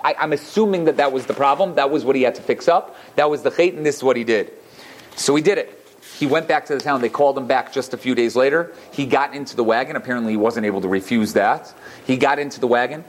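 A man, a rabbi, tells a story in a Torah class, animated, with many restarts and asides. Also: medium pitch.

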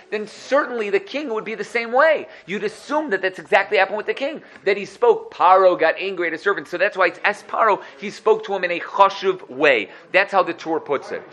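A man, a rabbi, teaching a religious text lesson, walking through one commentary after another with animated, acted-out quotes. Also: high-pitched.

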